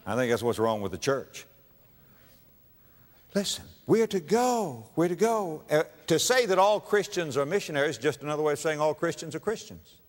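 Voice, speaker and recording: Man preaching, goes quiet then booms, big echoey sanctuary. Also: very animated, moderate pace. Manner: dramatic, swings from hushed to loud with wide pitch leaps. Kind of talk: sermon. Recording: long reverb of a large hall.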